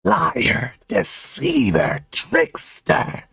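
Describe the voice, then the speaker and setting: A man voicing a furious, vengeful woman ghost in a storybook, shouting in a shrill voice. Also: huge pitch swings, very slow, vocal fry, slightly rough, heavily acted. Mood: accusing.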